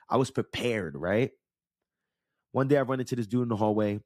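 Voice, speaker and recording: This New York / New Jersey area podcast host and life coach, in his thirties, tells a personal story as a casual monologue, candid and conversational while checking in with the listener. At medium pitch with a darkish tone, he talks fairly quickly but leaves long pauses, and the clean studio sound is dry.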